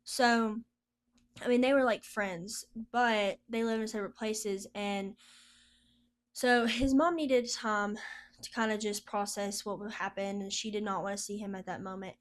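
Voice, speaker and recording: A woman's voice: mid-range voice, fairly even intonation, unhurried. A woman sharing a personal testimony as a podcast guest, telling her story in a chatty, casual way and laughing often.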